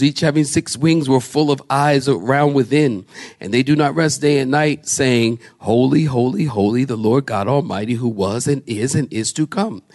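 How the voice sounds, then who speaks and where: A man's voice: a little high, darkish tone. A man preaching a live church sermon, emphatic, lifting his voice on repeated words and asking the listeners questions. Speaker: pastor.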